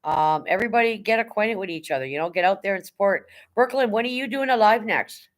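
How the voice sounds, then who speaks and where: A woman's voice: mid-range voice, quick pace. Middle-aged woman, livestream host, chatty and rambling, blunt with a bit of swearing. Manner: rambling, chatty, greets viewers by name. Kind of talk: casual livestream chat.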